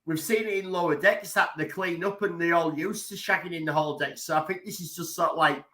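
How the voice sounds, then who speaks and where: A man co-hosting a podcast in casual chat, joking and a bit halting. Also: fairly high pitch, sharp tone. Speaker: podcast co-host.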